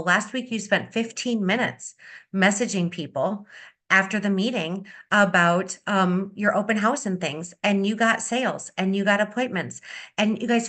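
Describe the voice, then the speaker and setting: Bright upbeat woman coaching on a call. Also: mid-range voice. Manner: upbeat, energetic, repeats key advice. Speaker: beauty consultant leading a sales training. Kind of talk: coaching talk on a video meeting. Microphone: video call.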